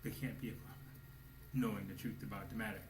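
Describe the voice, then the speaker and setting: A man preaching a sermon, swinging between hushed low asides and loud exclamations, at times speaking as God in the first person. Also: fairly even intonation, fast. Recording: echoey room with faint noise.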